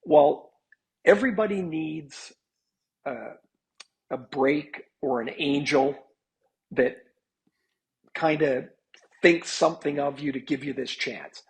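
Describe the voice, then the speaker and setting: A man's voice: fairly high pitch, slow pace, gravelly, long pauses, slightly rough, low-quality recording. A man in his fifties, a hockey analyst, telling stories in a chatty podcast interview, with many restarts.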